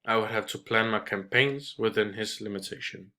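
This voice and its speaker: A man reading a short story aloud in a measured way, with small restarts. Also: lowish voice, bright, forceful tone. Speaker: reader.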